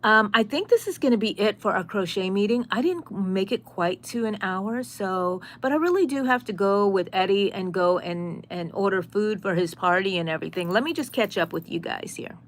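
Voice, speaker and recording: A woman's voice: mid-range voice, animated, normal speed, few pauses, slight background noise. A middle-aged woman chatting casually on a live stream, reading and answering viewer comments. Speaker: crochet channel host.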